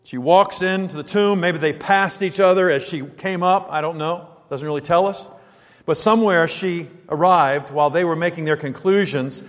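A man preaches a verse-by-verse sermon in a loose, conversational manner, often restarting his sentences as he thinks aloud. His voice sits somewhat high for a man. The sound carries a long reverb, as if it was recorded in a large church hall. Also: normal speed. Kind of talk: expository sermon.

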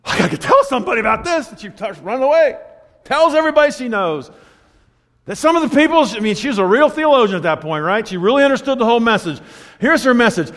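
Male preacher, high and animated, storytelling sermon, reverberant hall. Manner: animated storytelling, acting out quoted voices.

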